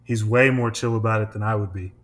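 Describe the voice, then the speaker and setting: A man's voice: fairly low pitch, fairly even intonation, fast, a bit bright. A young man hosting a podcast, chatting casually, rambling and laughing often, with lots of swearing. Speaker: podcast host. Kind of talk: casual chat.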